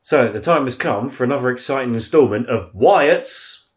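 A man's voice: medium pitch, lively intonation, moderate pace. A man co-hosting a podcast, telling jokey, sweary stories in casual banter. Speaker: podcast co-host.

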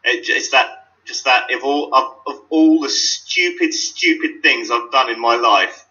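A man's voice: medium pitch, a little slow, bright, forceful tone, muffled recording, faint music behind. A man cracking dry jokes in a casual chat. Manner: dry, joking quips.

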